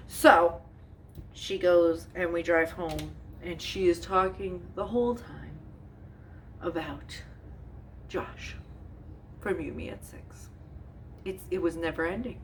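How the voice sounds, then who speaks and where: A woman's voice: on the low side, slow, long pauses, distant mic, a little hiss or hum. Chatty, exasperated woman vlogger. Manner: chatty, exasperated, laughs often, many fillers. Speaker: home cooking vlogger. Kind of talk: casual storytime while baking.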